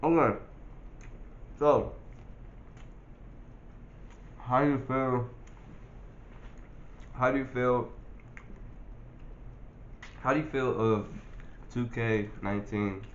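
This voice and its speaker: A man's voice: medium pitch, steady tone, drawn-out words, pauses often, highs cut off, a little hiss or hum. A young man in casual vlog chat, laid-back and full of profane street slang, filmed on a phone. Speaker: vlogger.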